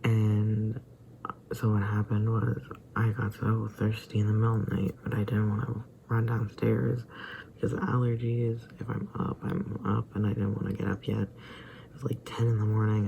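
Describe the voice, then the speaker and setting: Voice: mid-range voice, level tone, moderate pace, gravelly, dark tone, slight background noise, rough recording. A young adult vlogger who feels sick, rambling hesitantly and often slipping into a whisper. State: feeling sick and tired. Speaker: daily vlogger. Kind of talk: rambling personal vlog.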